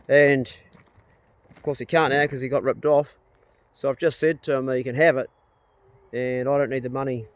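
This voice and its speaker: A man's voice: mid-range voice, no echo. A middle-aged man, chatting casually and bluntly on a vlog outdoors on a rural property. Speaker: vlogger. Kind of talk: casual chat.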